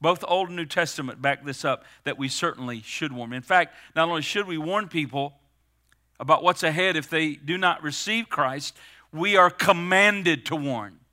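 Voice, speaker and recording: A middle-aged man preaching a sermon as pastor, stressing words with slowed, emphatic pauses. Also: fairly high pitch, bright, forceful tone.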